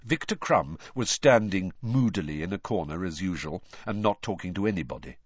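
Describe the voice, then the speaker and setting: Expressive male storyteller, lively pitch. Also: a little fast, husky, no room sound, highs cut off. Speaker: audiobook reader. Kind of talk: storytelling narration.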